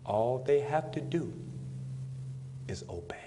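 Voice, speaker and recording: A man preaching a sermon in plain, folksy speech, building to shouted emphasis and calling on the congregation to respond. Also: medium pitch, animated, takes it slowly, background noise. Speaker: pastor.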